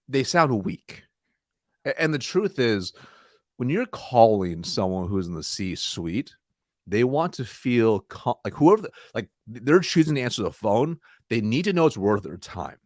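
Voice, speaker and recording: A man answering interview questions about sales calls, energetic, acting out timid and confident voices. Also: a little slow, no echo, studio quality. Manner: energetic, demonstrates weak and confident tones by shifting his pitch. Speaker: sales consultant, guest.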